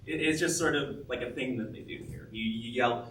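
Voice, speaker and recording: An actor playing a skeptical, good-natured young man camper in a stage play, dismissive and quick to laugh, sometimes stammering. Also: medium pitch, fairly bright tone, slight background noise, close to an everyday voice. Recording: roomy stage sound from a distant mic.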